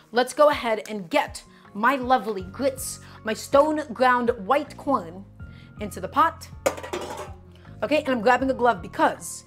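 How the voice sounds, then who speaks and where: Chatty New woman cooking on stream. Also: fairly high pitch. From Brooklyn, New York. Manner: chatty, talks to chat as "guys" while cooking. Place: home kitchen.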